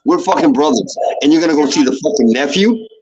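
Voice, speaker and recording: A man's voice: fairly high pitch, animated, quick pace, a crowd in the background. A man on a podcast, chatting casually and swearing a lot as he mock-scolds a friend. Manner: profane, mock-outraged ribbing. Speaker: podcast co-host. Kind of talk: casual chat. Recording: dull lo-fi stream audio.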